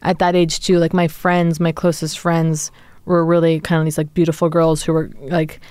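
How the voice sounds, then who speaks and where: Woman, forties, casual guest chat, rambling fillers, smooth voice, dry sound. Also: low voice, level tone, moderate pace, a little mellow, no echo. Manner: chatty, rambling with many fillers. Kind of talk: casual conversation.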